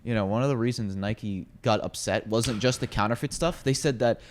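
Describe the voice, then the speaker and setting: A man's voice: on the low side, brisk, a little hiss or hum. A man co-hosting a casual podcast, ranting in a blunt way and swearing freely. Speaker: podcast co-host.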